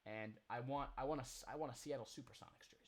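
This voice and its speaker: A man's voice: medium pitch, fast talker. A man co-hosting a casual sports podcast, talking in a rambling, opinionated way that often trails off and restarts, recorded remotely. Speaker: podcast co-host. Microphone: remote recording, apart from co-host.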